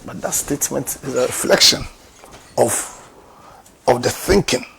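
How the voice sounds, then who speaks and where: Ghanaian man, political commentator, gravelly voice, rhetorical and emphatic, faint background noise. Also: mid-range voice, measured pace. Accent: Ghanaian English. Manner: rhetorical questions, growing emphatic and forceful.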